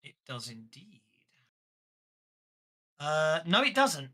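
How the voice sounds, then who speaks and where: Bright-voiced game master. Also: male voice, a little high, sing-song, slow. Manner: chatty, rulings with fillers and laughs. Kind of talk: running a tabletop game online.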